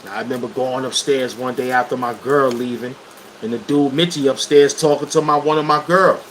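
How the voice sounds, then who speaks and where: A livestream host from Brooklyn spins casual stories for viewers in blunt street slang and a New York accent. His mid-range voice is brisk, fairly bright, and fairly even in intonation. The recording is rough, with an air conditioner humming behind.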